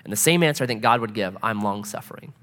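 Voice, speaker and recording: Male preacher, middle-aged, animated, lively pitch, long hall reverb. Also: rapid-fire. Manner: animated storytelling preacher, swinging loud to soft. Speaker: pastor. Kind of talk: sermon.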